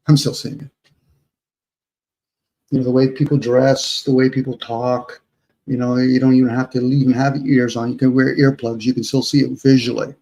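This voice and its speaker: A man's voice: medium pitch, level tone, brisk, mellow, rough recording. A man on a live online panel, reflecting at length with everyday analogies and often addressing the host. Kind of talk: casual live-stream chat.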